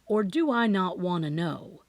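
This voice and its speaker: A woman voicing a calm, concerned grown man in an audiobook, speaking low and steady. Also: a little slow, dry recording. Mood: exasperated.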